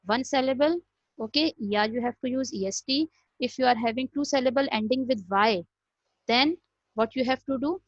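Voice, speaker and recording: A woman's voice: high voice, moderate pace, dry recording. A woman teaching a grammar lesson, explaining step by step and repeating "okay" often. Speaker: English teacher. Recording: dry, dull lo-fi recording.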